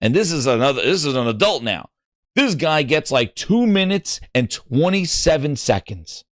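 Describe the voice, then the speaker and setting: A middle-aged man hosting a gaming show, telling an excitable story and acting out what other people said. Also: fairly high pitch, moderate pace, no echo, studio quality. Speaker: gaming podcast host. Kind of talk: animated storytelling.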